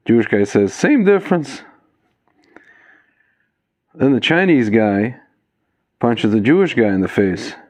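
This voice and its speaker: A man's voice: lowish voice, lively intonation, normal speed, a little mellow, no echo. A man giving casual commentary to his viewers, calling them "guys", with many fillers and a loose, digressive flow. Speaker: video commentator. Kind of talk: casual spoken commentary to camera.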